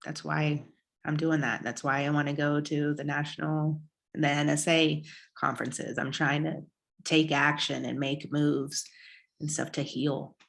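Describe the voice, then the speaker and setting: A woman's voice: deep voice, flat delivery, a little slow, gravelly. A woman who stutters, a guest on a podcast, talking openly and reflectively about herself. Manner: stutters, with repeated words. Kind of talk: casual podcast conversation.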